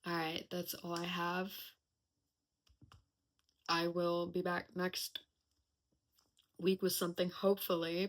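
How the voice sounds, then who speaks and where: A woman's voice: lowish voice, completely flat delivery, takes it slowly, long pauses. A young woman hosting a casual personal podcast, talking candidly and reflectively with lots of chatty fillers. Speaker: podcast host.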